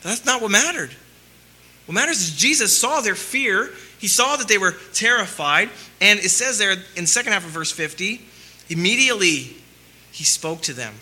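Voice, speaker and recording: Man, pastor, sermon, very bright tone, rhetorical questions, loud-soft swings. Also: sits high, animated, moderate pace.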